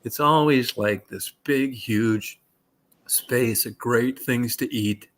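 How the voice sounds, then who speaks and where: A man's voice: medium pitch, takes it slowly, fairly bright tone. A man telling rambling, profane anecdotes in a casual chat. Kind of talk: casual storytelling.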